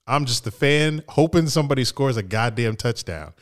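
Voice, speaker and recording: A man's voice: medium pitch, expressive, normal speed. A young man co-hosting a casual podcast, laid-back, laughing often and swearing freely. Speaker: podcast co-host.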